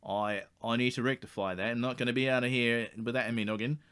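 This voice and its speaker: A man's voice: medium pitch, fairly even intonation, fast, a bit bright, clean tone, no echo, close to an everyday voice. A man playing a brash Aussie outback guide. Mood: apologetic. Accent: Australian. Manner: blunt, slangy, stammers when worked up. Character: brash male Australian outback guide, touchy. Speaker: tour guide. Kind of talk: comedy sketch acting.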